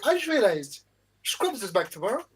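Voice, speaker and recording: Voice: medium pitch, big pitch swings, moderate pace, noisy background. A speaker in a casual panel chat who eagerly jumps in with new topics.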